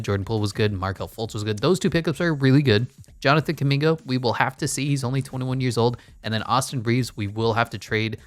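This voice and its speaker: A man giving casual, blunt commentary while playing a basketball management game, full of wry asides. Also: medium pitch. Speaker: gaming YouTuber.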